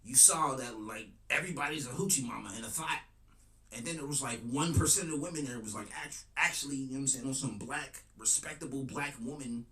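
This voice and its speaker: A man's voice: mid-range voice, a little fast, bright, forceful tone. A man streaming his reactions to videos, talking in a crude, joking way and often saying "you know what I'm saying". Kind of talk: casual commentary. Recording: echoey room with faint noise.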